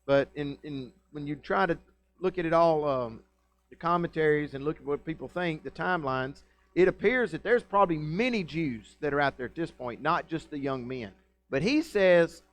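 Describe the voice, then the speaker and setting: A man preaches a sermon in a church. He is conversational and folksy, and he keeps checking in with his listeners. His voice sits slightly high for a man. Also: animated, moderate pace. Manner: conversational, folksy, asks the congregation questions. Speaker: pastor. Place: church sanctuary.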